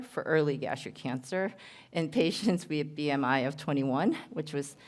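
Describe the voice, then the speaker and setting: A woman with a New Jersey accent presents at a medical conference, earnest and a little halting, often pausing on "um" and restarting her sentences. Her voice sits low and comes across smooth and clear. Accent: American, New Jersey. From Korea. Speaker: surgeon giving a conference talk.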